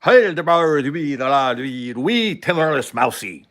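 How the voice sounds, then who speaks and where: A man's voice: on the high side, lively intonation, normal speed, voice pushed up. Brief: man playing an angry Scottish marine, thick accent, barked and unintelligible. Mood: garbled. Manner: loud, garbled, hard to understand. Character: gruff Scottish male Royal Marine, angry.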